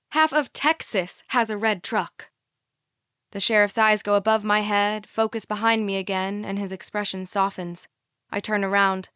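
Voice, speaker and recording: A woman narrating a first-person thriller audiobook in a measured, tense way, on a close studio mic. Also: medium pitch, a bit bright, clean tone, no room sound.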